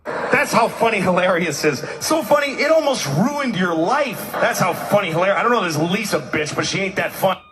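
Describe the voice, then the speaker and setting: High-voiced comic ranting, voice all over the place, exasperated, faint hiss behind. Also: male voice, expressive, moderate pace. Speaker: stand-up comedian. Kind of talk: stand-up routine.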